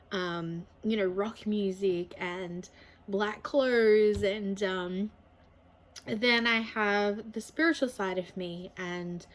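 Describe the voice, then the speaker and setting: A woman's voice: mid-range voice, low-quality recording. Candid young woman vlogging. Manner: candid, open, speaks from feeling. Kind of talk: personal confessional vlog.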